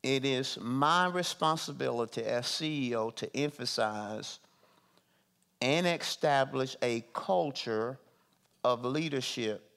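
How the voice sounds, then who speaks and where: A man leading a meeting as his organization's CEO, talking to his staff in a slow, emphatic way, repeating phrases and putting questions to them. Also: medium pitch, creaky, a bit bright.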